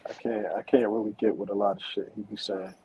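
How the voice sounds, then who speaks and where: A man's voice: lowish voice, little pitch movement, fast talker, highs cut off, a little hiss or hum. A man co-hosting a podcast, chiming in with slangy, short casual remarks. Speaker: podcast co-host. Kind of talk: casual banter.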